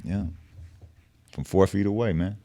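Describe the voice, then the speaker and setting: A man's voice: deep voice, moderate pace, warm tone, no echo. A middle-aged man telling a story on a podcast, casual and profane with street slang. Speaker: podcast guest.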